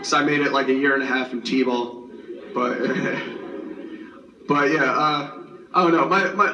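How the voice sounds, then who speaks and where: A man's voice: medium pitch, pushed and bright, slight background noise. A young man in his twenties, a student performing a stand-up comedy set at a school variety show, rambling and self-deprecating with many fillers. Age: 20s. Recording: roomy hall, far from the mic.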